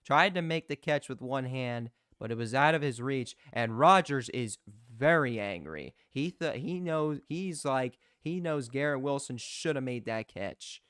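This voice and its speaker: A young man giving live play-by-play as a fan commentator, excitable and prone to restarting his sentences. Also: mid-range voice, a little slow, hardly any pauses, clear, resonant tone, dry recording, studio quality. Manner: excitable, shouts in disbelief, repeats and restarts.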